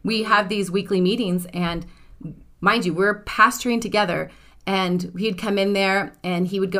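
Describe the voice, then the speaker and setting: A woman's voice: medium pitch, a little fast. A woman in her thirties, a co-pastor, telling stories in casual conversation and acting out the dialogue. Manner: animated storytelling, acts out quoted dialogue.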